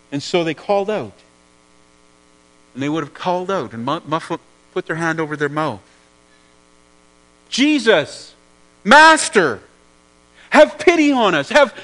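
High-voiced man preaching a sermon. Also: fairly bright tone, poor audio. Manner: earnest, repeats words while searching for phrasing.

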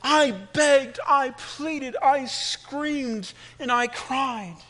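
Drawing out his words in a pushed, bright, heavily acted voice, a man plays a clay teacup crying out during its shaping. The pleading, high, strained cries come from a story told within a sermon.

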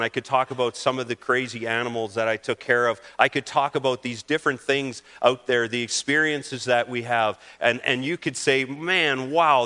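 A man's voice: mid-range voice, sharp tone. Emotional male pastor reading scripture. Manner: emotional, halting, with restarts.

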